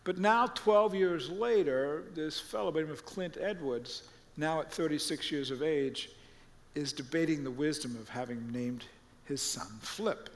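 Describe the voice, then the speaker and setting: A man preaching a sermon and retelling stories with lively quoted voices. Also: fairly high pitch, a little slow, long reverb tail. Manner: animated storytelling, acting out quoted voices. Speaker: pastor.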